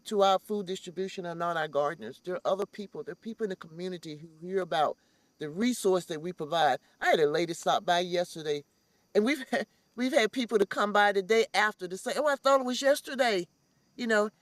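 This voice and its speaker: A woman's voice: mid-range voice, no room sound. Earnest woman, dry close sound. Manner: earnest, repeats phrases for emphasis, gets emotional. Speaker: community farm organizer. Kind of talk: heartfelt interview talk.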